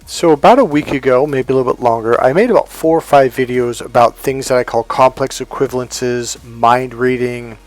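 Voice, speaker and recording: A man's voice: medium pitch, moderate pace, few pauses. A blunt, emphatic man coaching on relationships, speaking in a mid-range voice. He talks straight to the listener and acts out the voices he quotes, over faint background music. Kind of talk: motivational advice monologue.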